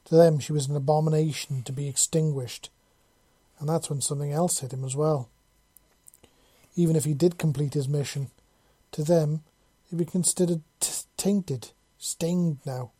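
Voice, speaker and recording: A narrator reading a chapter of fan fiction aloud with steady, even pacing. The voice is very dark and mellow, and the recording is dry and close with no room sound. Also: medium pitch, moderate pace, slightly rough, dry recording. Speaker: audiobook narrator.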